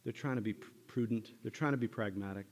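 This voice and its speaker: Low-voiced pastor preaching, animated. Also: male voice, quick pace. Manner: conversational and animated, acting out voices of the disciples. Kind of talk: sermon. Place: church. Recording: church hall with long reverb.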